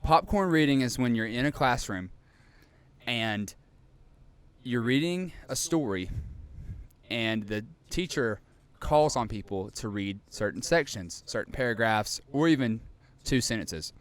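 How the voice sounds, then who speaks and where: A young man co-hosting a podcast, telling a story in a lively, animated way and acting out scenes. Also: medium pitch, measured pace, clean tone. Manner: animated storyteller, acts out scenes, laughs often. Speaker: podcast co-host. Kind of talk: casual chat, storytelling.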